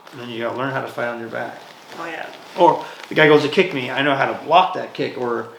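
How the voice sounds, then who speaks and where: A man's voice: medium pitch, vocal fry. A man, a martial arts instructor, telling stories as a podcast guest and acting out the dialogue in quoted voices. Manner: animated storyteller, acts out dialogue in quoted voices. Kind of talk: casual interview storytelling. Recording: roomy echo, faint noise.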